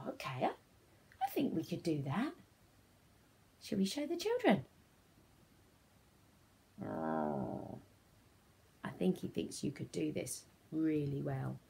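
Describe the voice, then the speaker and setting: Sing-song teacher woman, lively pitch. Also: slow, gravelly, pauses often, slight background noise. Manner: sing-song, encouraging, often dropping to a whisper. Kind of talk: phonics lesson for young children.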